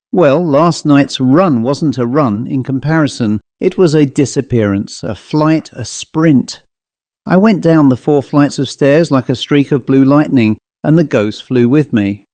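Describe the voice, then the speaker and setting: A man's voice: mid-range voice, dark tone, dry recording, close to an everyday voice. A man voicing a boastful, fanciful young male office clerk who talks in a sly, teasing way.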